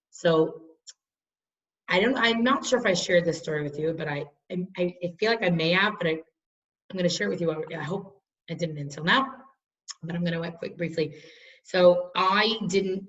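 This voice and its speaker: A woman in her thirties guides a study group through a text, her voice sitting on the low side. She talks chattily, often restarting sentences as she tells personal stories. The recording is muffled and picks her up from some distance away. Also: fairly bright tone. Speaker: Torah class teacher. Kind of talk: leading a study class.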